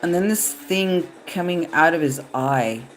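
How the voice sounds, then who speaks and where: A woman's voice: on the low side, lively intonation, measured pace, faint music behind. A woman reading tarot cards live, talking in a loose, rambling, profane way. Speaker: tarot reader. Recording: echoey room.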